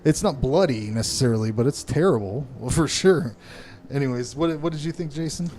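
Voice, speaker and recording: A man's voice: medium pitch, a little fast, darkish tone, slight background noise. A man co-hosting a horror movie review podcast, chatting casually, laughing often and swearing freely. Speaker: podcast co-host.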